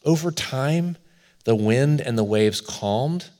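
A man preaching a sermon as pastor, telling a personal story in an earnest way, swelling louder and then dropping to a hush. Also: mid-range voice, expressive, takes it slowly.

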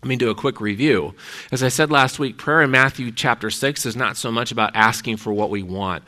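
A man's voice: mid-range voice, fairly quick, bright, forceful tone. A middle-aged man, a pastor, giving a conversational sermon, telling stories from his week. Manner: conversational, storytelling.

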